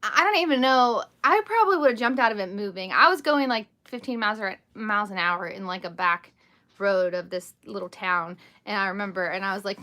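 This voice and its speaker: A woman in her thirties hosting a casual live stream from home, chatting and telling rambling stories in an animated way. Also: mid-range voice, brisk.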